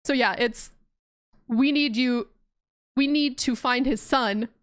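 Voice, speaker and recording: A woman's voice: fairly high pitch, slow pace, dry recording, studio quality. A young woman streaming a game, chatting casually and giggling often. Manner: giggly and playful, often laughing. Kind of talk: casual gameplay commentary.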